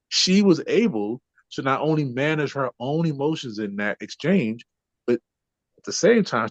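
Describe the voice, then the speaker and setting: A man with a mid-range voice talks as a podcast guest and trainer, explaining ideas in a conversational way and often tacking on "right?" to check in with the listener. The recording is dry and dull lo-fi, with no room sound.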